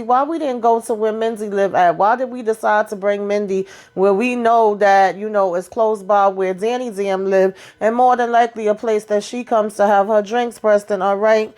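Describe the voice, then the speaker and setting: A woman's voice: medium pitch, steady tone, normal speed, hardly any pauses, darkish tone. A woman giving a sassy, casual recap of a TV episode, talking to the characters and acting out their lines. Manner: sassy, talks to the characters, acts out the dialogue. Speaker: show recap host.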